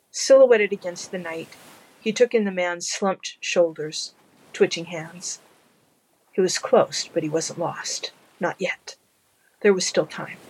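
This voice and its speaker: A narrator reading a fan audiobook in a measured, low-key storytelling manner. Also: creaky, breathy edge, rough recording.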